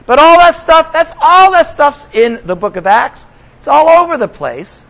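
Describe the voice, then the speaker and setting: A man's voice: very high-pitched, very animated, moderate pace, a bit bright, lo-fi sound. A man preaching a sermon as pastor, talking conversationally to his congregation and slipping in sarcastic asides.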